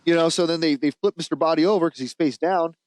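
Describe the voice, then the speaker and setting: A man in casual podcast chat, walking through a film's plot in a rambling, amused way and laughing at his own retelling. His voice sits a little higher than most men's. The sound is close and dry, with almost no room echo. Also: quick pace, darkish tone. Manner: rambling and laughing, with frequent restarts and swearing. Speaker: podcast co-host.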